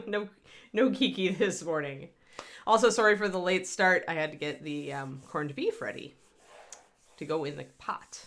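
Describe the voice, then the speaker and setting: A woman's voice: fairly low pitch, unhurried, fairly bright tone, a little hiss or hum. A woman hosting a casual livestream painting tutorial from home, chatty and rambling, laughing often. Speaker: host and miniature painting instructor.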